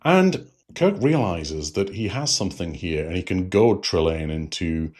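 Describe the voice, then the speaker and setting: Man, deep voice, casual recap, chatty with restarts and fillers. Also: expressive, unhurried, darkish tone. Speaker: podcast host reviewing an episode.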